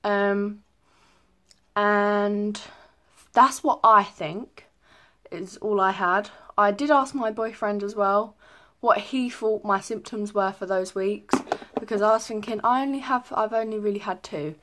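A woman's voice: medium pitch, steady tone, measured pace, fairly bright tone. A young woman chatting casually in a pregnancy update vlog, rambling with many ums. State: a little out of breath. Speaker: vlogger.

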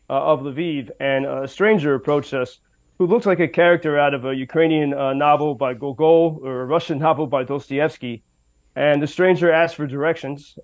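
Man giving a halting radio report. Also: on the high side, rough recording. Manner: halting, many fillers and restarts. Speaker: radio correspondent. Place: reporting from western Ukraine.

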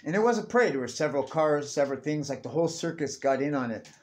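A man's voice: fairly high pitch, expressive, fast talker. A young man ranting casually to camera, profane and rambling, tacking "dude" onto everything. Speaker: vlogger.

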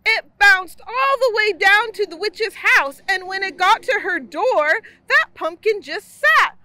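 A woman storyteller reading a children's picture book aloud, expressive and quick to act out the sound effects. Her voice is very high and bright, and she swoops widely in pitch at an unhurried pace. The recording is close and dry. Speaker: library storyteller.

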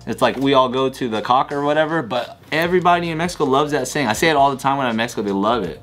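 A man's voice: mid-range voice, expressive, racing, a bit bright, faint music behind. A man hosting a casual comedy news panel, loose and joking, swearing freely. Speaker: host.

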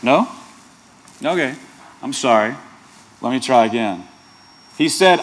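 A man's voice: medium pitch, animated, a little slow, pauses often, a bit bright. A male pastor preaching a sermon, earnest, with playful asides and rhetorical questions to the congregation.

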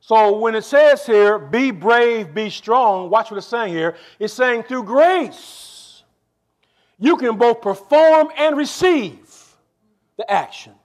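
High-voiced emphatic male pastor preaching. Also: animated. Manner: preacherly, emphatic, asks the congregation for response; shifts between slow stressed phrases and quick asides. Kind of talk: sermon.

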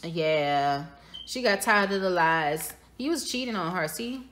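A woman's voice: on the low side, expressive, a little slow, fairly bright tone, a little hiss or hum. A woman giving a tarot reading for her viewers, speaking casually, speculating aloud and repeating her phrases. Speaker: tarot reader.

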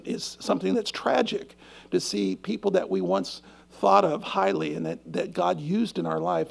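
Gravelly high-voiced male pastor preaching. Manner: earnest, emphatic preaching; rhetorical questions to the congregation. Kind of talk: sermon.

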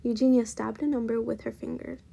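A woman reading a children's chapter book aloud in a steady, gentle storytelling manner. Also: fairly high pitch, a little fast, vocal fry, slightly rough. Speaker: storybook reader.

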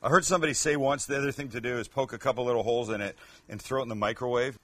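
A man's voice: mid-range voice, fairly even intonation, rapid-fire, bright, forceful tone, dry recording. A man hosting a cooking show, chatting casually and joking with self-mocking asides as he cooks. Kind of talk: casual cooking demo chat.

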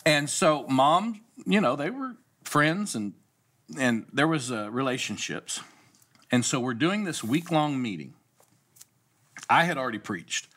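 Speaking unhurriedly at a medium pitch, this middle-aged pastor spins a story on a relaxed talk show. He's an animated storyteller who performs the voices of whoever he's quoting.

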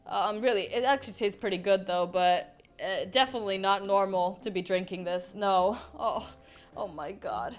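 A gaming YouTuber voices a fed-up mom turned monster in a mid-range, fairly bright voice, going a little slowly. Her game role-play is dramatic and exasperated, with lots of repetition.

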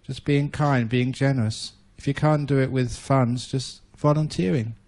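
A man, a Buddhist monk, giving a talk and telling a playful story in an animated way. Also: mid-range voice, normal speed.

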